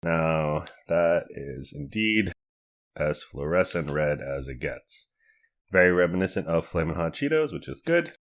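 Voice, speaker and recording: Cooking and tasting snacks on camera, a man with a low-sitting voice talks at a measured pace. His review is casual and relaxed, full of chatty, out-loud thinking.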